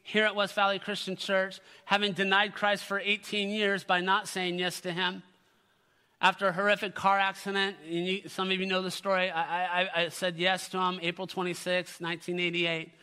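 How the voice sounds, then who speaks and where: A man's voice: high-pitched, monotone, normal speed, pushed and bright, smooth, big-room sound. A middle-aged man preaching a sermon to his church, earnest and calling out to the congregation. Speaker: pastor. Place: church sanctuary.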